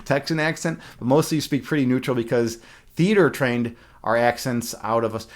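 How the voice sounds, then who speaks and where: On a casual live stream, a male chess instructor chats away at a moderate pace in a medium-pitched voice, rambling with lots of fillers and restarts and laughing often.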